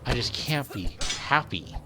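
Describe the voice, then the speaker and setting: A man's voice: medium pitch, animated, a little slow, loud music behind the voice, natural voice. A man voicing a greedy fairy-tale wife who keeps demanding more, speaking in a wheedling, insistent way.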